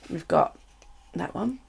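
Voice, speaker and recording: A middle-aged woman with a British accent, chatting casually to viewers while unboxing craft supplies and gushing over them. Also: a little mellow. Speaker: craft live streamer.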